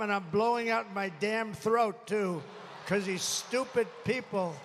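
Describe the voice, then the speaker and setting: Gravelly man ranting at a rally. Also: high voice, a little slow, fairly bright tone, a little hiss or hum. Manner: rambling, boastful, angrily complaining about the mic. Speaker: political rally speaker. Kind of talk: unscripted rally speech. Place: large rally venue. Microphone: podium microphone. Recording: echoey arena with faint crowd.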